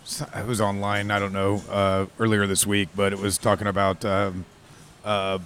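Man, low voice, relaxed and halting, casual chat, faint hiss. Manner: relaxed, halting, lots of fillers.

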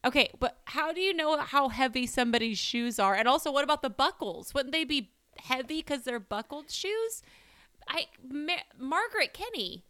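A woman's voice: high-pitched, expressive, normal speed, sharp tone, no echo, clean studio sound. A woman co-hosting a casual true-crime podcast, sarcastic and joking, often laughing. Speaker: podcast co-host.

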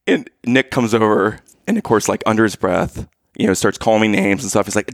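A man telling a funny story in casual chat, animated and laughing, acting out what people said. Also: medium pitch, a little fast, hardly any pauses, dry recording, clean studio sound. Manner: animated, laughing, acts out quotes.

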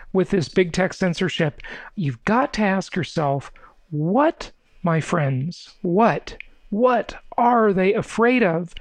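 A man's voice: high-pitched, no echo. A man hosting his own podcast, talking casually and emphatically to listeners, often repeating words for effect. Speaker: podcast host. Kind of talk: casual solo monologue.

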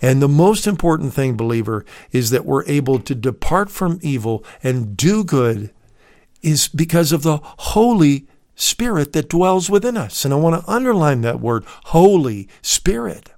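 A man's voice: on the high side, sing-song, moderate pace, a little mellow, dry recording, clean studio sound. A man preaching a recorded sermon to his listeners, calling them dear friend and leaning hard on key words. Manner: emphatic, swells on key words. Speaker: radio preacher.

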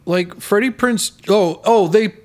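A man's voice: high-pitched, a little slow, a little mellow. A man co-hosting a film podcast, chatting casually and sounding exasperated, cursing often. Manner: profane, exasperated. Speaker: podcast co-host. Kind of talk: casual chat.

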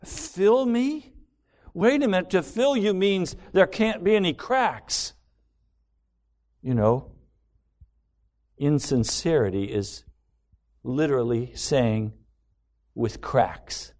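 A man's voice: a little high, slow pace, long pauses, a little mellow. A man preaching a sermon, quoting hymn lines and asking pointed rhetorical questions.

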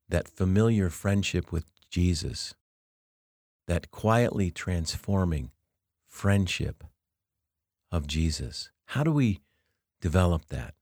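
A man hosting a podcast, speaking in a slow, earnest preaching cadence about faith. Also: low-pitched, darkish tone, no echo, clean studio sound. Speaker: podcast host and teacher. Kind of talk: reflective sermon-style podcast talk.

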